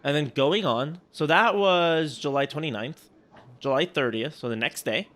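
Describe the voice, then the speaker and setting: A man's voice: fairly high pitch, moderate pace, fairly bright tone. A man co-hosting a casual chat, rambling and joking as he critiques sales emails, often breaking off mid-sentence. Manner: rambling, self-interrupting, joking. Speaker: podcast co-host.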